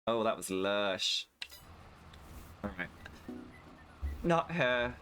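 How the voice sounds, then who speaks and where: A man's voice: on the low side, expressive, very slow, pushed and bright, faint music behind. A British man streaming a farming game, chatting candidly and swearing freely with his viewers while he plays. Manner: candid, sweary, talks to chat while playing. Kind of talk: casual gaming stream chat.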